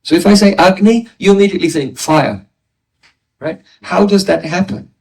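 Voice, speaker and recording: A man's voice: high voice, moderate pace, creaky, a little mellow. A man giving a philosophy lecture as a spiritual teacher, explaining step by step and asking rhetorical questions. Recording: voice distant from the mic.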